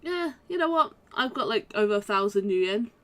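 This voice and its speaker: A young woman chats her way through a role-playing game in casual commentary. She rambles and restarts her sentences and asks her viewers questions, all at a middling pitch. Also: expressive, a little fast. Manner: chatty, rambling, many "like"s and restarts. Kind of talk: casual let's-play commentary.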